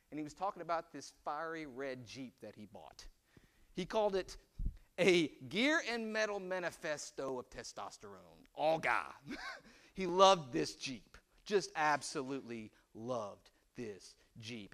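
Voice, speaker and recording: A man in his forties preaching a conversational sermon, chatty and animated, often asking "right?". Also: fairly high pitch. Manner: animated and chatty, with rhetorical "right?" and frequent laughs. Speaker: pastor.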